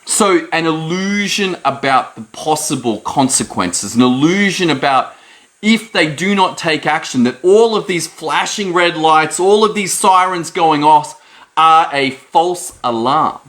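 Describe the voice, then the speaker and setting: A man giving a lively motivational talk to camera, leaping up in pitch to stress his points. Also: unhurried. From Australia. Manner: animated, jumps high in pitch for emphasis. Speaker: host.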